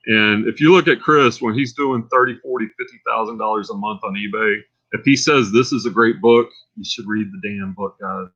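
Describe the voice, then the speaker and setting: This Texan livestream host has a voice on the low side and talks at normal speed with hardly any pauses. The audio is dull, and his casual, rambling talk turns excitable as he gets fired up.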